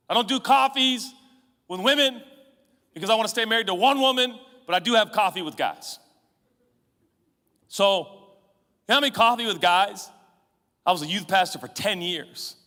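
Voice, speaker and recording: A man in his forties, a pastor preaching a sermon, energetic and playful and breaking into shouts. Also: extremely high pitch. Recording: long reverb of a large hall.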